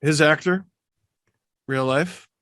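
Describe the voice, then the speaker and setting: Brief: male podcast host in his thirties, bright and sharp tone, dry close sound, gushing and excitable. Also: on the high side, no echo. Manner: excitable, gushing, quick to laugh. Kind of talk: casual chat.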